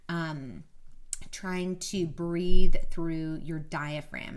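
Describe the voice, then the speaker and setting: Chatty woman, mild Southern lilt. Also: fairly low pitch. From Kentucky, USA. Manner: chatty, self-deprecating, laughs easily. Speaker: media coach, former TV reporter. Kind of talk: casual to-camera tips.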